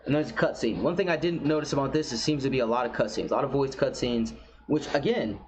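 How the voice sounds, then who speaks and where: Reacting to a game trailer, this commentator is opinionated, blunt and swears freely in a casual way. His mid-range voice moves quickly, with background noise and a slightly dull recording quality.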